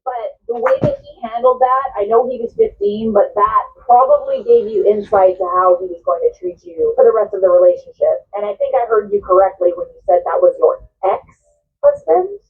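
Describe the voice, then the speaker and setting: A woman hosts a reaction video, giving animated, incredulous commentary. Her pitch swings widely, and the recording sounds thin and phone-like. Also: moderate pace.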